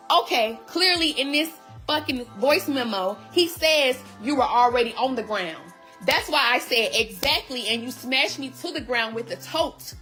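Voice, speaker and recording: A woman's voice: high-pitched, pushed and bright. A woman telling her story to viewers in a heated, blunt and profane way, casually addressing them directly. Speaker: vlogger recapping her relationship.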